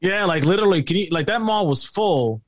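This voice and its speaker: A man's voice: sits high, lively intonation, a little fast, no echo. A man co-hosting a podcast in casual chat, chatty and prone to digressions. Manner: chatty and digressive, often laughing along. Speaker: podcast co-host.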